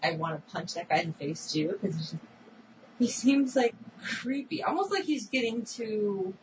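A woman co-hosting a casual recap chat about a TV episode, animated and acting out characters' lines. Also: mid-range voice, moderate pace. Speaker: podcast co-host. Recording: distant mic with audible background noise.

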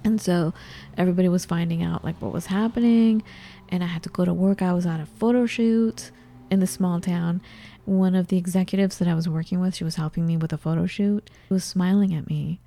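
This woman's voice is on the low side, fairly quick, and creaky. She co-hosts a casual talk show and relates a personal story, animatedly retelling the conversations along the way.

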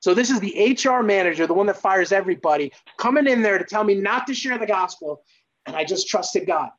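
A man sharing his faith testimony as a guest, in earnest, animated storytelling. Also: sits high, lo-fi sound. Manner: earnest, lively, acts out exclamations.

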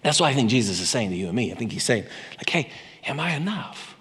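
A man preaching a sermon with impassioned delivery, swinging between loud emphasis and quiet intensity. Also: lowish voice, lively intonation, racing. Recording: long hall reverb.

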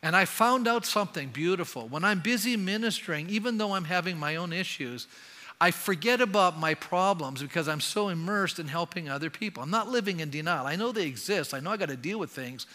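With a high, expressive, sharp voice and a brisk pace, the older pastor from Canada delivers his sermon in a conversational way, regularly putting questions to the congregation. The church sanctuary gives the audio a long, hall-like reverb.

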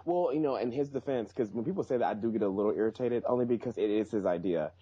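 A man's voice: fairly low pitch, expressive, quick pace, mellow, husky, no echo. A man giving emphatic, opinionated views in casual podcast chat, on a dull, dry recording. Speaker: podcast guest.

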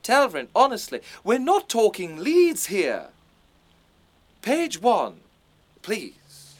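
A man's voice: sits high, huge pitch swings, slow pace, full character voice. A man with a posh English accent playing a bossy, self-important amateur theatre director in a radio comedy. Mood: pompous. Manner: pompous, lecturing, self-important. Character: pompous, bossy middle-aged male director.

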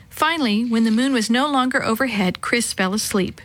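A woman's voice: fairly high pitch, a little fast, few pauses, a bit bright, no room sound. A woman narrating a children's chapter story, friendly and addressing young listeners.

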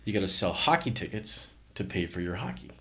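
A man's voice: deep voice, a little fast, crowd noise. A middle-aged man from Canada, a company founder, telling stories in a casual interview and acting out the voices of people he quotes. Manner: animated anecdotes, acts out quoted voices.

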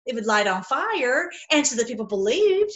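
A woman hosting an online video, retelling a story in an animated, emphatic way, often restarting her sentences. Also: sits high, normal speed, lo-fi sound. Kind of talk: casual storytelling talk.

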